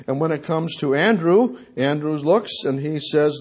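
A man's voice: on the high side, measured pace, few pauses, darkish tone, husky. A man preaching a sermon, emphatic and repetitive, often restarting his words.

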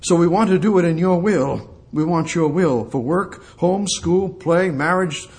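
A man's voice: fairly high pitch, a little slow. An older man preaching a sermon, emphatic and repetitive, quoting scripture and putting questions to his listeners. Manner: emphatic, repeats phrases, quotes scripture, asks the congregation questions.

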